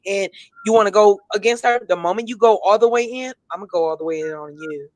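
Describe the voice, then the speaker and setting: A woman's voice: mid-range voice, fairly quick, no room sound. A woman co-hosting a casual gossip show, talking bluntly and sassily, with emphatic repeats and a tipsy edge. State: tipsy, has been drinking. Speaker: co-host.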